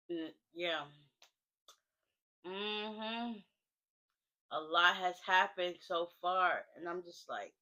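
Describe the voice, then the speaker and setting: A woman's voice: on the low side, drawn-out words, pauses often, bright, forceful tone, poor audio. A woman giving a casual spoken recap of a TV episode in a chatty, slangy way, full of fillers. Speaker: TV recap vlogger.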